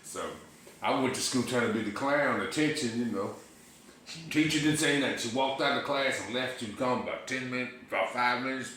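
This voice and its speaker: Brief: middle-aged man, bright, forceful voice, animated profane storyteller, echoey room. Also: mid-range voice, a little fast, far from the mic. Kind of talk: casual storytelling chat. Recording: echoey room with faint noise.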